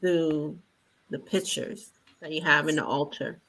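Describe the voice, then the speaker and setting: A conversation partner who adds slow, reflective remarks to a casual chat. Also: medium pitch, steady tone, sharp tone, poor audio.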